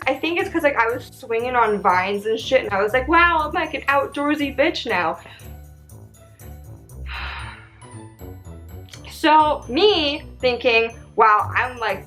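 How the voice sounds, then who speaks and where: A woman's voice: fairly bright tone, poor audio. Chatty, swearing young woman telling a story. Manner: chatty, swears freely, acts out her own quotes in a higher voice. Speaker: vlogger telling a travel story. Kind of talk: casual storytime vlog.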